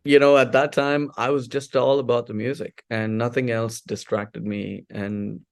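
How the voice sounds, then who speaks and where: A man in his forties from India, a podcast guest telling stories of his life in a lively, filler-heavy way. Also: mid-range voice, normal speed, vocal fry. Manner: animated storyteller, many fillers and restarts. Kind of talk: casual interview storytelling.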